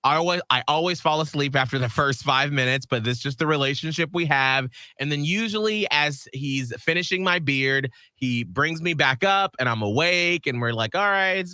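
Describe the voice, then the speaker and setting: A man's voice: on the high side, moderate pace, few pauses, pushed and bright, clear, resonant tone, no room sound, studio quality. A man co-hosting a radio show, telling stories and teasing in casual chat. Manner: playful, teasing storyteller.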